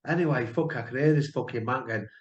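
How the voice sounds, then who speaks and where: A man's voice: medium pitch, quick pace. Sweary man from Lincoln, blunt storyteller; roomy, dull recording. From Lincoln, England. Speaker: panel member. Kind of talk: storytelling in casual chat.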